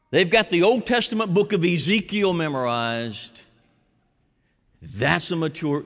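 A man preaching a sermon as a pastor, shifting from hushed, drawn-out phrases to loud, emphatic lines. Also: fairly high pitch. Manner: dramatic preaching, dropping to hushed tones and rising to shouts. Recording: long hall reverb.

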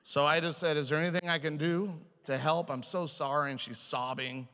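A man telling a personal story as a humorous sermon, self-mocking and animated, jumping in and out of quoted voices before a live congregation. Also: a little high, moderate pace, clear, resonant tone. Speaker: preacher. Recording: hall reverb.

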